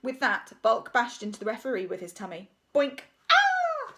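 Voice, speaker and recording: A woman's voice: mid-range voice, fairly quick, gravelly, a bit bright. Woman, storybook reader, playful, sound effects and asides. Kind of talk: children's story reading.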